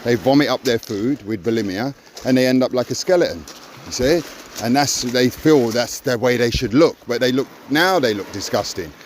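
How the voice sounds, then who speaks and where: A man's voice: mid-range voice, lively intonation, normal speed, a little hiss or hum. An older man talking earnestly in a raw personal conversation, stressing points with "you see". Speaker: podcast co-host.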